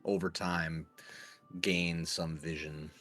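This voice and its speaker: A man's voice: sits low, little pitch movement, takes it slowly, sharp tone, no echo. A man playing in a tabletop game, describing his character's actions hesitantly with restarts. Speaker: player. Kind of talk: casual tabletop play.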